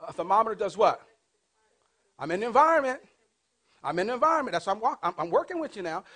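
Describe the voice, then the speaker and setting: A man in his fifties preaching a sermon as pastor, asking the congregation call-and-response questions and swinging between loud and hushed delivery. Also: high-pitched, big pitch swings, quick pace. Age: 50s.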